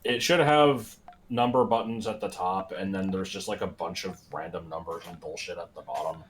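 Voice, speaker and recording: A man's voice: deep voice, normal speed, rough recording. A man in casual game chat who talks hesitantly, with many fillers. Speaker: co-player.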